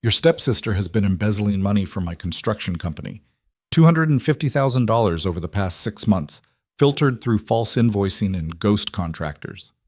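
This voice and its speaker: Played by a male narrator, a controlled mafia boss talks in a low, calm, matter-of-fact voice, conversational and almost gentle, with a cold mood. The pace is normal, and the sound is close and dry with no echo.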